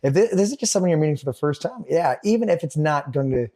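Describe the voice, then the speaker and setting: Quick-talking, mellow-voiced male host. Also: fairly high pitch, lively intonation. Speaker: podcast host. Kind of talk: casual chat.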